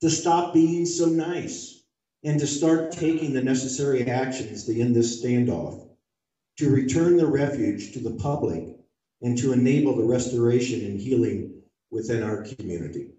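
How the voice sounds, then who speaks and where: A man delivering a prepared statement at a community meeting, measured and deliberate, making forceful demands. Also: medium pitch. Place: large community meeting hall. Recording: dull, echoey hall recorded from far off.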